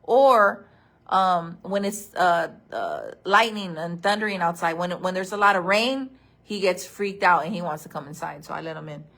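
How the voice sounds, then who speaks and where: A woman's voice: fairly low pitch, animated, moderate pace, a bit bright. A woman chatting casually on a livestream, telling a story and calling her viewers friends. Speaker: vlog host. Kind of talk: casual livestream chat reading comments.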